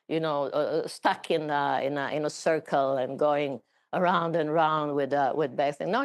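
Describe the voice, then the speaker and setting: Halting, lower-voiced woman sharing her story. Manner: halting, repeats words, frequent fillers. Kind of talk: conversational personal talk.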